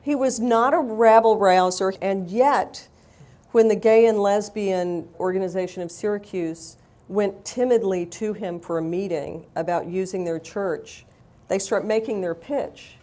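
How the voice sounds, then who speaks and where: A woman's voice: mid-range voice, unhurried, mellow. A woman author telling candid, wry stories in a live interview, blunt and self-mocking.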